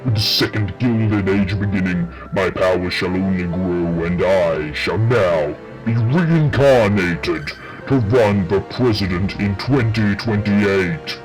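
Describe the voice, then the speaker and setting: A man's voice: low-pitched, slow pace, music in the background, voice pushed down, low-quality recording. A man voicing a gloating, villainous undead former president who speaks in menacing boasts.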